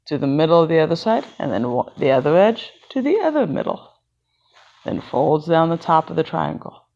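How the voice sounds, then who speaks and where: A woman storyteller narrating a children's tale in an animated way, acting out each character. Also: on the low side, vocal fry, highs cut off. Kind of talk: bedtime-style storytelling.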